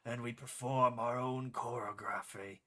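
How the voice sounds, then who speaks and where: A man's voice: mid-range voice, fairly even intonation, pushed and bright, pitched below the performer's own voice. A man reading as a grave prophetic voice. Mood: solemn. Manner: slow, grave, measured delivery.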